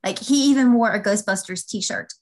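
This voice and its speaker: A woman's voice: mid-range voice, normal speed, poor audio. Chatty woman with a mid-range voice. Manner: chatty, many ums and restarts. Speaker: podcast co-host. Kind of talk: casual storytelling.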